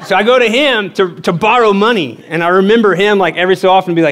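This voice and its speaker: A middle-aged man preaching a sermon as pastor, telling a personal story in an animated way and acting out the voices with big pitch jumps. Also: fast.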